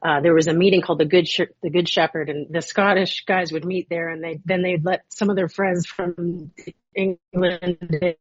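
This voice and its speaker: A woman's voice: lowish voice, steady tone, normal speed, no echo, muffled recording. A middle-aged woman, originally from Canada, giving a rambling, grateful personal share as guest speaker at a recovery meeting. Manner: rambling, warm and grateful, with many restarts and fillers.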